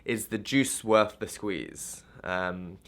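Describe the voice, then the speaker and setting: A man's voice: lowish voice, slow pace, fairly bright tone. A young man talking candidly to camera in a casual vlog, rambling with many restarts and fillers. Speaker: vlogger.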